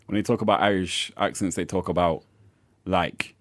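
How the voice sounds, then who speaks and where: A man hosting a casual interview, relaxed and easygoing, filling his talk with "like" and short "yeah" replies. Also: low-pitched, normal speed, no echo. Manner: relaxed, lots of "like" and "yeah" backchannels. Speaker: podcast host.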